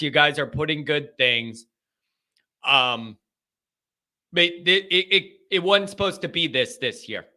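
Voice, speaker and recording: A man's voice: on the high side, bright, forceful tone. A man hosting a live call-in sports talk show, speaking in an emotional, rambling, heartfelt way. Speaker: host.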